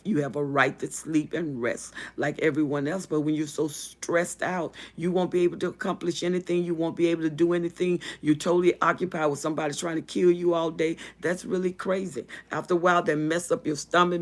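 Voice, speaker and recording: Woman, live-stream advice host; emphatic, repetitive, preacherly, talks directly to viewers. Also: sits low. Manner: religious encouragement. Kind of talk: live-stream advice talk, reading viewer comments aloud.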